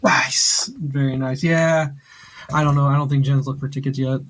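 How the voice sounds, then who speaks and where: A man co-hosting a podcast, telling a story in casual chat, animated and loud, laughing often and acting out the voices of others. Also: medium pitch, moderate pace. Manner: loud and excitable. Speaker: podcast co-host.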